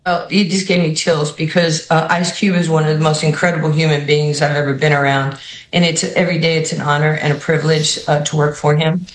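A woman's voice: sits low, brisk, roomy sound, low-quality recording. A woman with a New York accent, a basketball head coach telling stories in an interview and acting out the people in them. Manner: animated, acts out the people in her stories. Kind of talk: storytelling interview answers.

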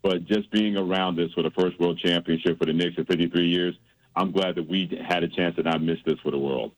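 A man's voice: low-pitched, steady tone, brisk, poor audio. A man hosting a sports radio show, telling stories and teasing his co-host. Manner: teasing, storytelling.

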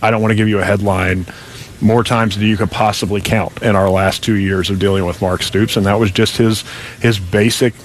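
A male sports reporter with a fairly low voice lays out his points frankly and steadily. Faint background noise sits behind him on the radio feed. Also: flat delivery, brisk. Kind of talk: casual sports talk radio.

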